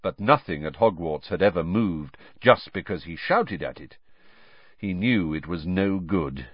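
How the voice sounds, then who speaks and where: A man's voice: low-pitched, animated, measured pace, no room sound. A man reading a novel aloud as an audiobook narrator, with dramatic storytelling. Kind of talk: scripted narration. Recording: dull dry recording.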